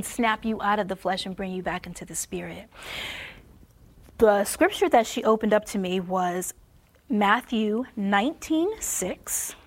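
A woman delivers a Christian testimony sermon about marriage in a mid-range voice. She laughs often and sinks to a soft near-whisper when she wants emphasis.

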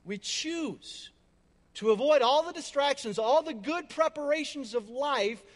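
Male pastor, high voice, emphatic sermon delivery with chatty asides, echoey hall. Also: lively intonation, a little slow. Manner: emphatic, repetitive, with conversational asides. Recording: long hall reverb.

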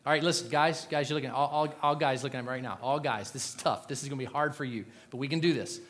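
A middle-aged pastor preaches to his congregation in a joking, animated way, swinging from loud punchlines to quiet, earnest asides. His voice is medium-pitched and quick.

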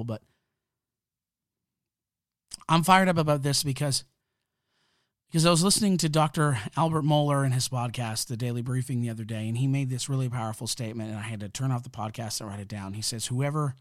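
Into a close mic, a podcast host with a mid-range voice delivers a fired-up, emphatic monologue with a preacherly edge. The recording is dry.

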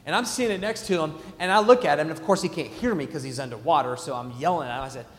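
A man in his thirties preaching a sermon as a pastor, telling stories with big swings from loud to hushed. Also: on the high side, fast. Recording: echoey hall.

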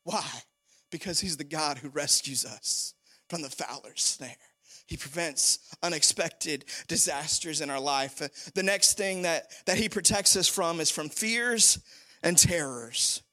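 A man preaching a sermon as pastor, animated and full of repeated phrases. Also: fairly high pitch, unhurried.

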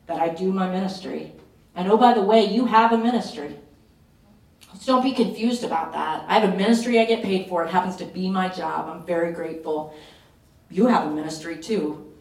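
A woman pastor preaching a fervent, urgent sermon at a retreat, pressing her points with emphatic repetition. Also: on the low side. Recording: roomy echo, voice from a distance.

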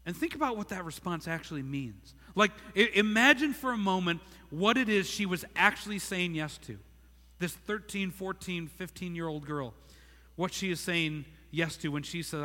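Earnest guy preaching, bright high voice, repeats himself a lot, reverby church hall. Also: normal speed. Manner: earnest, repeats words, acts out Mary's voice. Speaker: pastor. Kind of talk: sermon.

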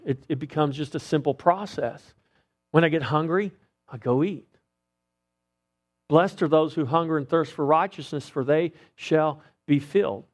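A middle-aged pastor with a fairly high-pitched voice preaches a sermon conversationally, putting rhetorical questions to the congregation.

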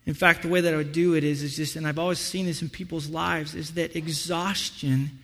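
A man preaching a sermon as pastor, telling stories in an animated way and acting out what people say. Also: fairly high pitch, a little fast, long reverb tail. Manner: animated storytelling, acts out voices.

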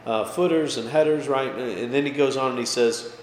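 A pastor's voice at an ordinary mid pitch fills a roomy, echoing hall, with a long reverb tail behind each phrase. He teaches in a casual, chatty way, keeps asking "okay?" and "right?", and punches key words up when he wants them to land. A faint hum of background noise sits under the room. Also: brisk. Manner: casual, checks in with listeners with frequent "okay?" and "right?"; lively, pushes his voice up for emphasis. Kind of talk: conversational Bible study teaching.

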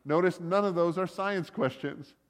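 A man delivers a relaxed sermon, telling a story in plain talk and breaking off for wry asides. His voice sits a little high for a man, and the recording carries the long ringing reverb of a large hall. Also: moderate pace. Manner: conversational, joking asides, many likes and uhs. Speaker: preacher.

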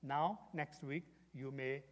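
An older man preaching a sermon as pastor, dramatic and storytelling, dropping from loud emphasis to hushed whispers. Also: mid-range voice, fairly even intonation, slow pace. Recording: long echoing hall reverb.

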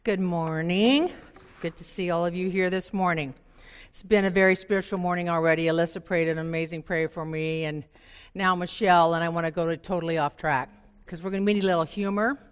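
A woman's voice: lowish voice, a little fast, clean tone, long reverb tail. An older woman from Oregon, a Bible study speaker, telling a funny story to a group of women and acting out her own asides. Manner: animated, self-mocking storyteller who acts out her own asides. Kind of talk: storytelling talk to a live group. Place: church meeting room.

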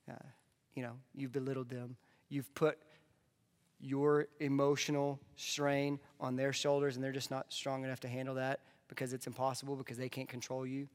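A man delivering a conversational sermon as a pastor, dropping into soft asides. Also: mid-range voice. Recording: long hall reverb.

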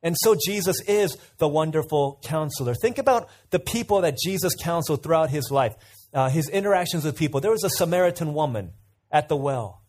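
A man's voice: on the high side, lively intonation, fairly quick, a little mellow. Conversational man preaching a sermon. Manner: conversational, asks the audience questions, tells anecdotes.

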